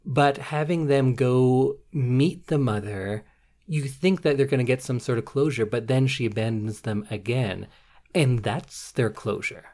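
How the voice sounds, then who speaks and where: A man's voice: mid-range voice, a little slow, a little mellow. Canadian man, podcast co-host, thoughtful, analytical, casual talk. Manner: thoughtful, analytical, occasional swearing. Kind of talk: casual podcast film discussion.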